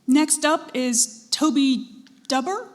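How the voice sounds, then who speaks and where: A woman with a slightly raised pitch announces contestants and words at a school spelling bee. She reads each definition slowly and deliberately, in a formal competition style. Her prompts to the young spellers stay patient and courteous. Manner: measured, deliberate reading of words and dictionary definitions. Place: school event hall.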